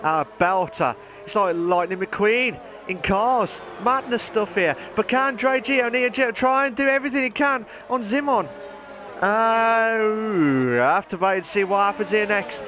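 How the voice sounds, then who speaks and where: A man giving chatty live commentary on an online racing league, rambling and then bursting into excited shouts. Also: sits high, measured pace, faint music behind. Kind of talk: live esports race commentary.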